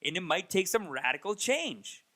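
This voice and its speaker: A man in his thirties, a comedian, rambling through a casual comedic monologue and mocking people with raised, animated impressions. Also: high voice, moderate pace. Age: 30s. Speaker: comedian and podcast host. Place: Toronto.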